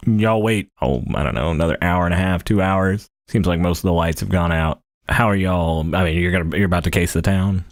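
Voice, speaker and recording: A man's voice: deep voice, a little fast, few pauses, dry recording, studio quality. A man narrating as game master in a casual tabletop game podcast.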